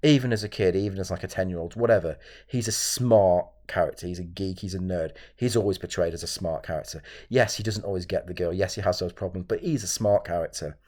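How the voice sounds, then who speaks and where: A man's voice: deep voice, fast talker, few pauses, darkish tone. A man hosting his own channel, ranting solo to camera in an exasperated, repetitive way. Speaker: channel host reviewing films.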